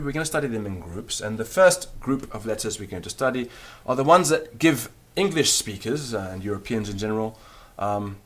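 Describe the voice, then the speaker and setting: Lower-voiced man teaching a language lesson. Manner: patient, explanatory, demonstrates sounds aloud.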